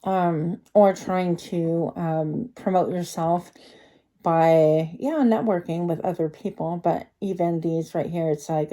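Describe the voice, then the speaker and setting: Chatty woman with a warm, mellow voice. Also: on the low side, measured pace. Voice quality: slightly slurred speech from a retainer in her mouth. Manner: chatty, rambling, thinking aloud with many fillers. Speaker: tarot card reader. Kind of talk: pick-a-card tarot reading.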